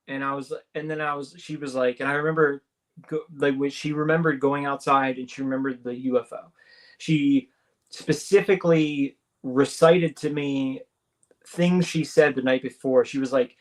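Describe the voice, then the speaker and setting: A man's voice: fairly high pitch, moderate pace. A man, a radio show guest, telling a story casually and acting out the dialogue, with many restarts.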